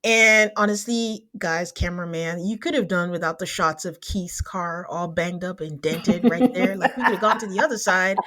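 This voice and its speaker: A woman's voice: on the low side, normal speed, few pauses, a bit bright. Chatty woman host who laughs a lot. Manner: chatty, laughs often, teasing. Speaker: podcast host recapping a reality show. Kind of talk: casual chat.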